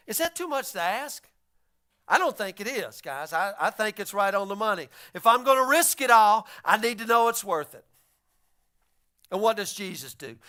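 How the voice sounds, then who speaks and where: Man pastor with a folksy, animated delivery and a bright, crisp tone. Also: high-pitched, moderate pace. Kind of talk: sermon.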